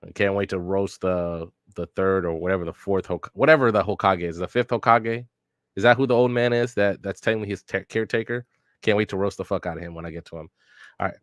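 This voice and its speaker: A man with a deep, low voice rambles through casual reaction commentary as he reads a manga aloud. He fills gaps with fillers and swears freely. The sound is dry and close, with no room echo. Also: steady tone, fast talker, a bit bright. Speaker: reaction video host.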